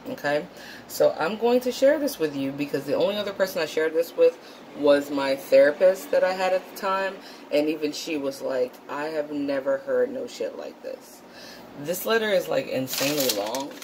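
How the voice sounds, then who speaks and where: A woman's voice: deep voice, a little mellow, a little hiss or hum, low-quality recording. A woman hosting a casual vlog, talking bluntly and profanely with lots of fillers. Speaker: channel host.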